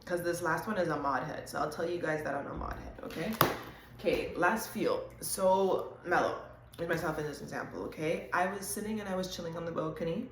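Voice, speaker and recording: A woman hosts a casual intuitive reading, talking to viewers in a chatty, animated way with quick asides. Her voice sits a little low. The room gives it a noticeable echo, with a faint hum of ambience. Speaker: host.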